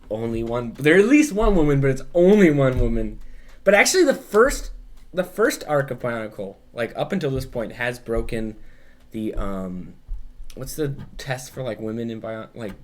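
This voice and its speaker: Dude on a podcast rambling along, like like like, swears a bunch, normal pitched voice. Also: male voice, big pitch swings, normal speed. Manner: rambling, heavy on filler words and swearing. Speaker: podcast host. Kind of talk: casual chat.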